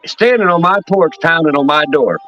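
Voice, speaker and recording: Bright, high-voiced man telling stories. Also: lively intonation, normal speed, dull audio. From Pennsylvania. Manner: profane, rambling storyteller. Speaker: show host. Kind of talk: casual chat, storytelling.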